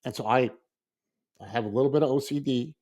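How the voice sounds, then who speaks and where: A man in casual podcast chat, a school librarian telling an animated story and acting out his own reactions. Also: mid-range voice, fast talker.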